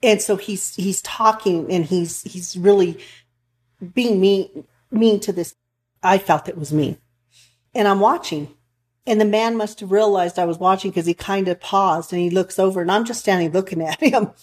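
A woman's voice: medium pitch, normal speed, darkish tone. A woman counselor talking earnestly in a casual chat, rambling a bit with restarts as she tells stories. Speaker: counselor for couples and families.

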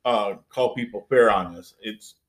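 Man, podcast co-host, low voice, wry, rambling casual chat. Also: a little slow.

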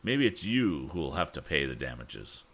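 A man's voice: rumbling low, sing-song, normal speed, a bit bright, husky, heavily acted. A man voicing a bold, righteous young male inventor who talks in firm, spirited retorts. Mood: indignant.

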